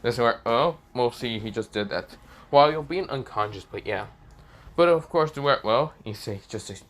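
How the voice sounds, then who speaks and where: A man's voice: mid-range voice, animated, normal speed, fairly bright tone. A man improvising a fan story narration in a rambling way, full of fillers and restarts.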